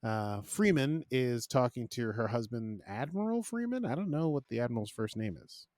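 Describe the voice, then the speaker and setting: A man's voice: medium pitch, normal speed, a little mellow, no echo, clean studio sound. A man hosting a podcast, casually recapping a TV episode in a chatty, jokey, self-deprecating way. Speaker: podcast host.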